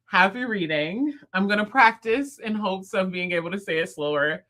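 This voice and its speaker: A young woman, hosting a casual livestream, talking fast and laughing often with her viewers. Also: medium pitch, pushed and bright. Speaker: livestream host.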